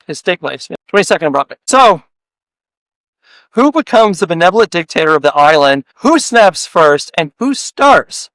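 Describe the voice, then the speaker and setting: A man's voice: a little high, big pitch swings, moderate pace, a bit bright, no room sound, poor audio. A man hosting a podcast interview, joking around and firing off playful hypothetical questions in casual chat. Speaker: podcast host.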